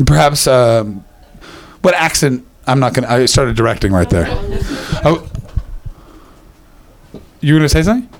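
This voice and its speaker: Animated swearing man telling comic stories. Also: medium pitch, slow, long pauses, noisy background. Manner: animated, swearing, breaks into screamed impressions. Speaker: comedian and podcast host. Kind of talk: live comedy storytelling with audience banter.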